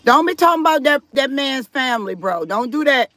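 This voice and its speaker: A woman with a high, bright voice talks her way through a live stream. She is chatty and reads viewer comments aloud, and she stays firm about respect. The sound is dry and close, with no room echo. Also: animated, brisk. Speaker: livestream host.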